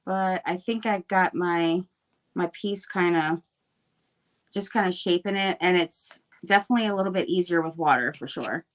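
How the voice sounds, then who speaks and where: A woman's voice: on the low side, normal speed. A cheerful woman hosting a live crafting stream, talking casually while she works with clay. She is chatty and upbeat, with plenty of ums and restarts. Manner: chatty, upbeat, lots of fillers. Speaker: craft livestream host.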